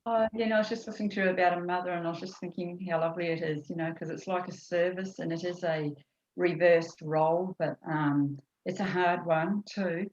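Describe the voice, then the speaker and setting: A New Zealand woman with a low voice talks in a chatty, rambling way, piling on fillers and restarts. Her sound comes through an echoey room and muffled video-call audio. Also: fairly even intonation, a little fast, a little mellow. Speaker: course participant. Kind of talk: casual video-call chat.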